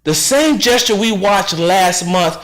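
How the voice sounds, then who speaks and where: A man's voice: sits high, expressive, slow, a bit bright, echoey room, rough recording. A male radio host giving an impassioned commentary, fiery and rhetorical, repeating phrases for emphasis. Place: radio studio.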